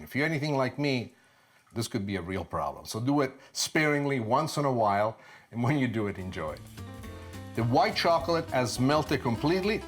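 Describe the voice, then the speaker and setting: An Italian-accented man in his sixties talks through a cooking demonstration, chatty and playful, often answering his own questions. His voice sits at a middle pitch. Clear music plays behind him. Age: 60s. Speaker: cooking show host. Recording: background music.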